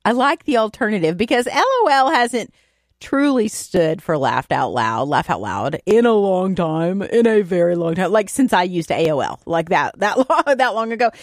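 A woman radio host in casual on-air chat, chatty and self-deprecating. Her pitch rises and falls a lot. The close mic sounds dry, with no room. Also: dry recording. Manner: chatty and self-deprecating, stumbling over acronyms.

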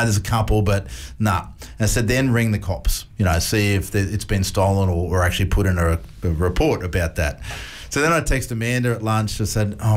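An Australian man in his forties, co-hosting a casual radio show and telling stories with frequent laughs. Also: lowish voice. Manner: storytelling, laughs often, animated retelling. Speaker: radio co-host. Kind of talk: casual breakfast radio chat.

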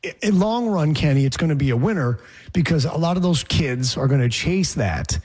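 A man's voice: a little high, animated, normal speed, a little mellow, husky. A man hosting a sports talk show, chatting casually with rambling, sarcastic asides.

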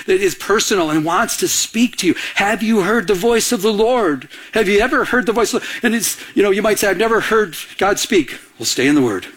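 A man's voice: high-pitched, a bit bright, breathy edge. A man preaching a sermon as a pastor, telling personal stories and acting out the voices of the people in them. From Michigan. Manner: storytelling, acts out quoted voices.

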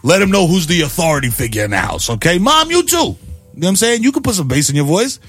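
A middle-aged man hosting a morning radio show, riffing in an animated, playfully preachy way. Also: fairly high pitch, fast, husky, faint music behind.

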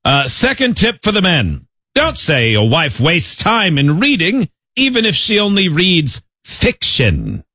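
A man's voice: high voice, wildly swooping pitch, a little slow, pushed and bright, no room sound. A man co-hosting a casual group chat who reads old etiquette tips aloud in a mock formal, dry way. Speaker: podcast co-host.

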